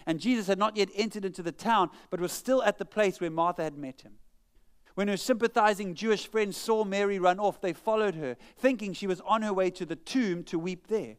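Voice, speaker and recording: A man preaching a sermon in a church, reading scripture slowly with dramatic pauses and speaking earnestly and conversationally between the readings. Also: high-pitched, clear, resonant tone. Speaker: pastor.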